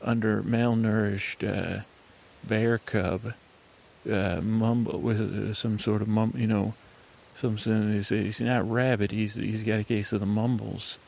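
A man hosting a sleep podcast in a soft whisper, rambling and interrupting himself while out on a night walk. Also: fairly low pitch, little pitch movement, measured pace, creaky. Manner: whispering, meandering and self-interrupting. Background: crickets chirping.

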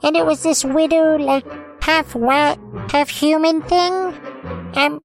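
Woman playing a squeaky, naive little forest creature. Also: flat delivery, takes it slowly, creaky, faint music behind, heavily acted, low-quality recording. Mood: rambling. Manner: rambling, hesitant storyteller with many ums. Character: childlike eager male forest creature, naive. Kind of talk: comedic audio drama.

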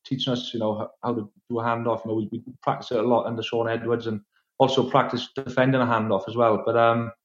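A man with a Welsh accent, a podcast guest, talking casually in a relaxed, hesitant, self-deprecating way. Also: mid-range voice, fast talker, echoey room, dull audio. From Wales. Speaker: guest, retired rugby player. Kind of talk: casual chat.

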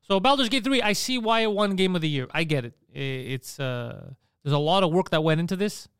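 A man's voice: high-pitched, fairly quick, smooth, no room sound, clean studio sound. A man co-hosting a podcast in casual chat, telling stories animatedly and swearing often. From Greek family. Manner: animated storytelling, swears a lot. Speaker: podcast co-host.

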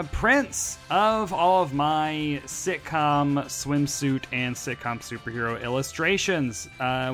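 A man's voice: mid-range voice, a bit bright. A man hosting a sitcom podcast, talking casually and animatedly with filler words and self-deprecating asides. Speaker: podcast host.

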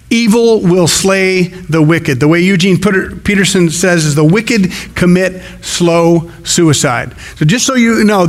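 A man preaching a sermon as pastor, in a conversational way with folksy asides. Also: sits high. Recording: long hall reverb.

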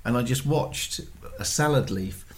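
An older man in a mid-pitched voice tells a long story at an easy pace, filling it with ums, uhs and restarts. He keeps to a relaxed family podcast chat. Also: measured pace. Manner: rambling anecdotes full of ums and restarts. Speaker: podcast co-host, father.

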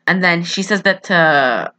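A bright, forceful woman on a podcast, retelling a movie in a loose, jokey way. She talks on a slightly low pitch and keeps stacking fillers and quick asides as she goes. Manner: chatty, jokey, lots of "like" and restarts. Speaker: podcast co-host. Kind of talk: casual movie recap chat.

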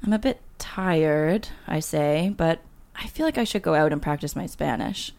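Low, gravelly woman author; chatty, laughs easily, reads memoir aloud. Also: lively intonation, moderate pace, a little mellow. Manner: laughs often, reads with light voicing of dialogue. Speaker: guest author. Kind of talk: casual chat, then reading her memoir aloud.

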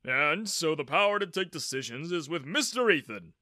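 A man's voice: fairly high pitch, expressive, normal speed, bright, forceful tone, no echo, clean studio sound. A man voicing a formal male bank director making an announcement.

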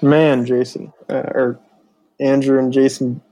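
A man with a Northern US accent explains ideas thoughtfully, pausing on fillers. His delivery is flat and even, mid-pitched. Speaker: guest. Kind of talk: casual chat.

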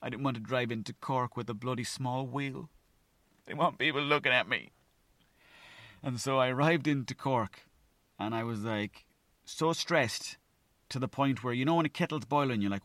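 On his solo podcast, a young man from Mayo, Ireland, wanders through a story, cursing freely and performing his own inner thoughts. He speaks at a normal speed in a medium-pitched, slightly bright voice, with no echo.

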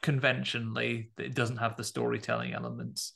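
Gravelly-voiced man discussing a film. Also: mid-range voice, completely flat delivery, fairly quick, fairly bright tone. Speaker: podcast co-host, film critic. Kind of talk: casual film review chat.

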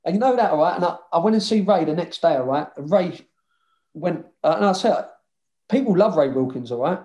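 A man's voice: on the high side, lively intonation, a little fast, dark tone, lo-fi sound. A man, a former footballer casually telling rambling anecdotes in an interview, swearing freely.

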